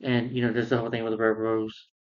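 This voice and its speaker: A man's voice: on the low side, completely flat delivery, fast. Rambling man with a dull lo-fi sound. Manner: rambling, many fillers and restarts. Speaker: film reviewer. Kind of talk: casual retelling of a film plot.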